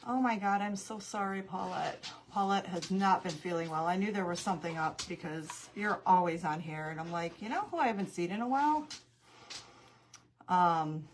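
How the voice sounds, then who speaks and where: A woman's voice: fairly low pitch, a little hiss or hum. A woman hosting a casual craft live stream at home, rambling and easily amused, often breaking off to greet viewers by name. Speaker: craft livestream host. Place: at home with her dog.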